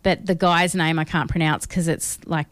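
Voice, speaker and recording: Animated laughing woman. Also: sits low, normal speed, dry recording. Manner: animated, self-mocking, laughs often. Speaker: co-host. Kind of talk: casual chat.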